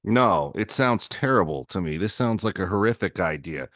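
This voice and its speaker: A male host with a lowish voice, recorded close and dry. He keeps his replies short and agreeable and slips in deadpan jokes. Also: normal speed, no echo. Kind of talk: casual interview chat.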